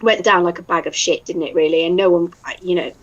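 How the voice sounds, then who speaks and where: A woman's voice: fairly low pitch, fairly even intonation, fast, highs cut off, a crowd in the background. An English woman in casual chat, talkative and laughing often, now and then swearing. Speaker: voice actor guest.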